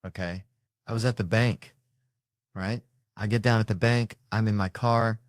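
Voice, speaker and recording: A man on a comedy stage, ranting through his stories with profane, exasperated energy and sudden jumps in intensity. His voice sits on the low side and sounds close and dry, with no room around it. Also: fairly even intonation, moderate pace, no echo. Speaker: stand-up comedian. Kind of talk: stand-up storytelling.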